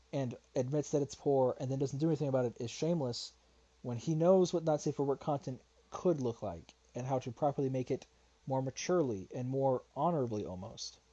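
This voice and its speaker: A man's voice: on the high side, warm tone. A man giving reaction commentary in an argumentative, lecturing way, his voice getting worn. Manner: argumentative, lecturing, repeats "all right?". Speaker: commentary youtuber.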